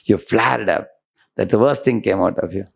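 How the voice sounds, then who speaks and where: A man's voice: fairly low pitch, moderate pace, creaky. A monk giving a devotional lecture in a conversational way, often checking in with his listeners.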